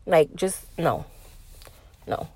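A young adult woman hosting a casual podcast alone, ranting bluntly with swearing and an animated, lively delivery. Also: deep voice, drawn-out words, husky, no room sound. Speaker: podcast host. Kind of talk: casual solo podcast talk.

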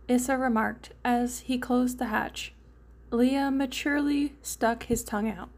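A woman's voice: a little high, steady tone, unhurried, darkish tone. A woman reading fan fiction aloud in a casual way, with a few small slips.

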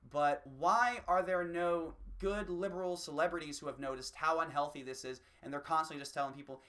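A man delivering a rambling, swear-filled opinion rant, slipping into quick mocking voices. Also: fairly high pitch, steady tone, a bit bright. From United States. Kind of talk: profane opinion rant monologue.

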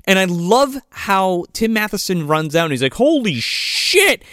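A man co-hosting a podcast, chatting casually about a movie, laid-back and profane, with quick goofy impressions. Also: high-pitched, animated, fairly bright tone, clean tone, no room sound, studio quality. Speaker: podcast co-host. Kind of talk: casual movie recap chat.

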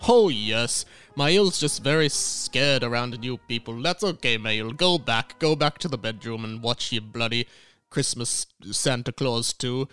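A man's voice: medium pitch, measured pace, fairly bright tone, clear, resonant tone, natural voice. A man voicing a smug, callous old Santa Claus in an improvised comedy sketch. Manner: self-satisfied, dismissive, snaps insults.

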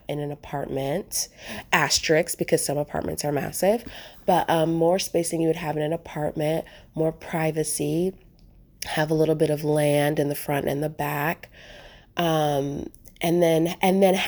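A woman's voice: low voice, dark tone. A woman telling travel stories in a casual vlog, chatty and rambling, with lots of fillers and restarts. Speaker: travel vlogger.

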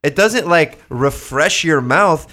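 Emphatic man with a higher voice. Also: animated, slow, bright, forceful tone. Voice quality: teasing, emphatic. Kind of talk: casual chat.

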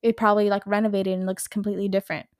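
Young woman, 20s, solo podcast host, casual chat, rambling, swears a lot, medium pitch. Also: little pitch movement, rapid-fire. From Los Angeles area. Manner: rambling, chatty, swears freely, says "like" and "literally" often.

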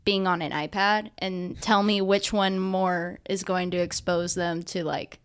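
Young female co-host, chatty filler-heavy delivery, smooth dry studio sound. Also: lowish voice, fairly even intonation, a little slow, dry recording. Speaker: podcast co-host. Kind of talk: casual chat. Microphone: handheld mic. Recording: dry close studio mic.

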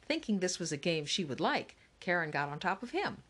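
Lower-voiced woman, steady audiobook narrator for a children's novel. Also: fairly quick.

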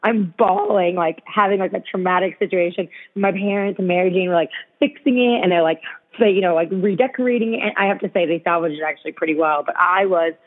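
A woman's voice: lowish voice, quick pace. Chatty woman on a tinny call. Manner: animated storytelling, heavy use of "like". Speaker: podcast co-host. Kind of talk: casual chat. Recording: tinny phone-line call.

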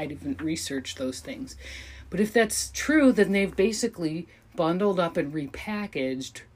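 In her thirties and speaking with a low, darkish tone, a woman hosts her podcast by herself. Her rambling, easygoing talk is dotted with ums, restarts, and self-deprecating remarks.

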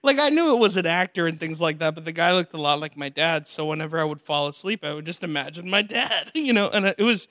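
A young man hosts a casual podcast chat, with a bright tone pitched a little high. He tells stories with energy, acting out the voices of the people in them and laughing along. The sound is close and dry. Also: fast talker, hardly any pauses, no room sound. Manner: animated storyteller, acts out voices and laughs often. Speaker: podcast host.

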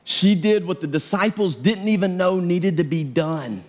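A man's voice: sits high, moderate pace, darkish tone. A middle-aged male pastor preaching a sermon in a conversational, self-deprecating way.

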